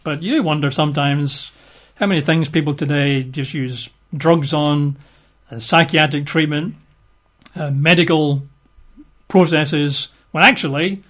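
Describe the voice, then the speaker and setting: Middle-aged preacher, conversational Bible teaching, a bit higher voice, lots of 'sort of' and 'um'. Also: male voice, moderate pace, a bit bright. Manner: chatty and hesitant, many fillers and 'sort of'.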